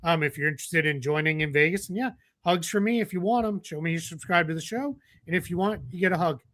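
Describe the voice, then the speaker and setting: Male co-host, slightly high, bright and forceful, chatty and easygoing. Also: quick pace. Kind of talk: casual podcast chat.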